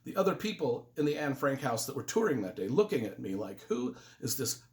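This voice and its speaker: Earnest man with a lively voice. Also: mid-range voice, fast. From United States. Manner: earnest, emotional, rambling with restarts. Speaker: book reviewer. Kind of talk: casual spoken book review.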